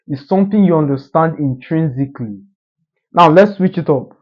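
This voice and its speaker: A man's voice: a little high, moderate pace. A man giving an assertive, emphatic motivational monologue in a lecturing manner. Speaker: social media commentator. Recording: dull lo-fi recording.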